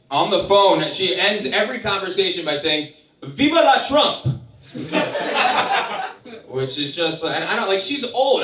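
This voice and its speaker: Wry young man doing stand-up in an echoey room. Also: medium pitch. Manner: wry, deadpan storytelling with sarcastic asides. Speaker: stand-up comedian. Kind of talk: stand-up comedy set. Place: comedy club stage. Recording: echoey room picked up from a distance.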